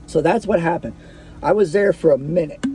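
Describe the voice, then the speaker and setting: A man's voice: on the high side, fairly quick, mellow, slight background noise. A man telling a personal story in a casual, profane way, full of restarts and fillers.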